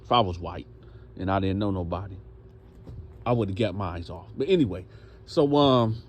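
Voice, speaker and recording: A man's voice: sits low, moderate pace, a little hiss or hum. A man telling a story in a casual way, acting out the voices of the people in it. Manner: animated, acts out voices.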